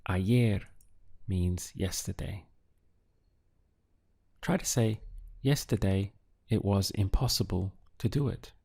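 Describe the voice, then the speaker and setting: A man teaching a language lesson, asking the listener to translate phrases, pausing, then giving the answers and breaking words into syllables. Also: sits low, creaky, warm tone, breathy edge. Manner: poses prompts, pauses, then gives answers syllable by syllable. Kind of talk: slow, deliberate audio language lesson.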